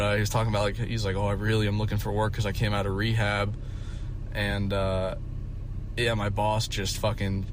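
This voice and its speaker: A man's voice: on the low side, noisy background. A man telling a story in a casual vlog, rambling and swearing often, with many fillers. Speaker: vlogger.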